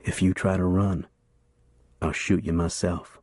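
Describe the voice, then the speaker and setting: A man's voice: low voice, flat delivery, measured pace, darkish tone, dry recording, studio quality. Man doing a terse, firm ranger. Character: steady young male Texas ranger.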